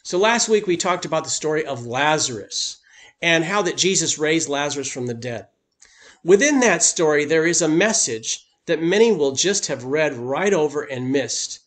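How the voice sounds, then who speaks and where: A man's voice: fairly high pitch, animated, normal speed, a bit bright. A man preaching a sermon as pastor, speaking emphatically and lifting his voice on key points.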